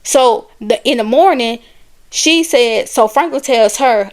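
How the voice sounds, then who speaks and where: A woman retelling a book's plot in a casual, conversational way, animated, with chatty asides. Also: on the high side, takes it slowly. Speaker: book and movie reviewer. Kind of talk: casual storytelling recap.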